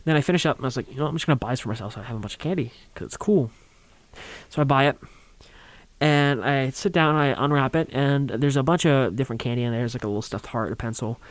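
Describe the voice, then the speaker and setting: A man's voice: mid-range voice, quick pace, dry recording. A young man telling a rambling, funny story on a college radio show, acting out quotes and laughing along.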